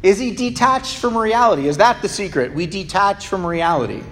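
A man preaching a sermon to a congregation, animated and emphatic, and given to humorous asides. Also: sits high, normal speed. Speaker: pastor. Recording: long reverb of a large hall.

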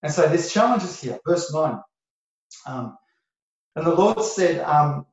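A man's voice: a little high, lively intonation, takes it slowly, long pauses, a little mellow, very echoey, distant mic, lo-fi sound. A man preaching a sermon as pastor, emphatic and repeating his key phrases for weight.

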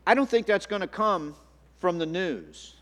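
A man's voice: sits high, expressive, a little slow, fairly bright tone, in a large hall. A man preaching a sermon as a pastor, earnest, often repeating and restarting his words. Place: church sanctuary.

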